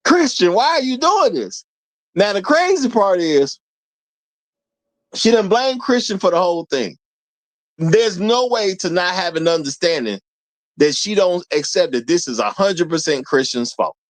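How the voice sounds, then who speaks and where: A man's voice: high-pitched, expressive, unhurried, dry recording. A male show host giving casual commentary, talking straight to his viewers in an emphatic way and laughing between points.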